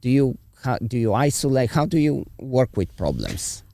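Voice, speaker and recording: A man hosting a podcast, asking questions in halting restarts. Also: medium pitch, big pitch swings, vocal fry, dark tone, no echo. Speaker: podcast host. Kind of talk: casual podcast conversation.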